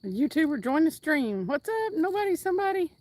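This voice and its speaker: A woman's voice: sits high, very animated, a little fast, a little mellow. A woman hosting a casual livestream outdoors by the water, reading viewer comments aloud in an upbeat, chatty way and whooping now and then. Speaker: livestream host. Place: outdoors by the water while fishing.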